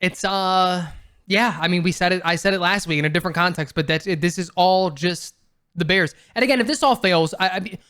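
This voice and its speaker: A man's voice: high voice, fairly quick, fairly bright tone, smooth. A man co-hosting a casual sports podcast, talking bluntly and emphatically and swearing casually. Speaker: podcast co-host.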